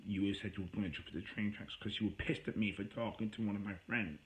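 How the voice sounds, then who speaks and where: A man telling an emotional personal story to camera, agitated and rambling, his voice rising high when he gets worked up. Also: steady tone, quick pace, rough recording. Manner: agitated, rambling, with raised voice when quoting himself; self-described voice that gets high when upset. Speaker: vlogger.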